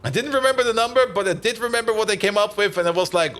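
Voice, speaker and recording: Speaking very fast in a high-sitting, slightly bright voice, a man narrates his building-game stream in a casual, rambling way. He thinks aloud and answers viewers, leaning heavily on "like" and "uh."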